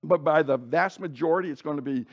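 A man's voice: fairly high pitch, fast, dull audio. Man teaching a casual Bible lesson. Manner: conversational, frequent restarts and self-corrections.

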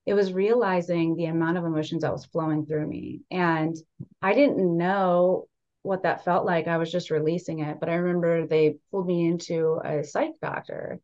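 Candid young woman guest, low voice. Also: normal speed, lo-fi sound. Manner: candid, animated, many fillers like "like" and "right". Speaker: podcast guest. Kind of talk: casual conversational storytelling.

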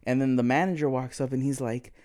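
A man's voice: medium pitch, steady tone, fast talker, mellow. A man retelling a story in casual chat, swearing freely and acting out quoted dialogue.

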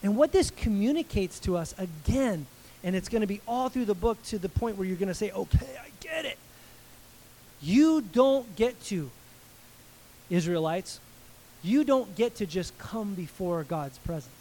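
A man in his forties, a pastor giving a sermon in a conversational, animated way, with asides to the congregation. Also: high-pitched, moderate pace, poor audio.

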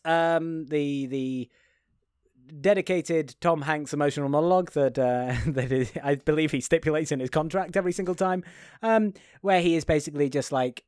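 A man's voice: on the high side, smooth, dry recording. A man recaps a film in casual podcast chat, stopping and restarting often with plenty of fillers. The recording is dry and close, with almost no room sound. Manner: halting, with frequent fillers and laughs. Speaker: podcast co-host.

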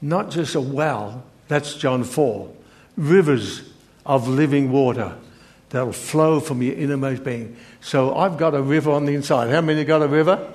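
An older man preaching a sermon, reading scripture in an earnest, halting way with many fillers and restarts. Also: mid-range voice, a little mellow.

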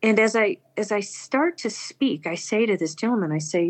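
A woman's voice: lowish voice, fast. A woman earnestly telling a personal story aloud, acting out the people she quotes. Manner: earnest, animated, acts out quoted speech.

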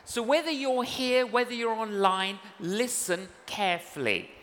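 A male evangelist preaching a sermon in a church service, earnest and unhurried, acting out dialogue in his stories. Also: sits high, expressive, fairly bright tone. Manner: slow, earnest, acts out dialogue in anecdotes. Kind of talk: sermon with storytelling. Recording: reverberant church hall with faint noise.

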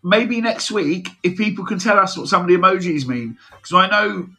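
Bright-voiced man bantering. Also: high voice, expressive, a little fast, vocal fry, faint music behind, low-quality recording. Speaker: co-host. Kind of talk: casual chat.

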